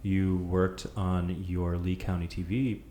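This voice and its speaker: Podcast host: man, lowish voice, easygoing interviewer, roomy echoey recording. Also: level tone, slow pace, warm tone. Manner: easygoing, prompting questions. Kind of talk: casual interview. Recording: echoey room with faint noise.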